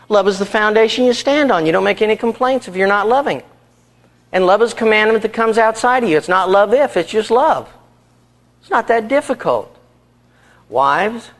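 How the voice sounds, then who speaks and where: A man preaching with a slightly high voice, telling stories and pressing his point with earnest energy. His delivery moves between lively lifts and quiet, pointed asides. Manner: storytelling, earnest, animated. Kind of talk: sermon.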